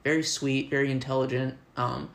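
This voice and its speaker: A man's voice: medium pitch, level tone, a little fast, gravelly. A man, a teacher abroad, chatting casually and telling a story with lots of "like" fillers. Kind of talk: casual conversation.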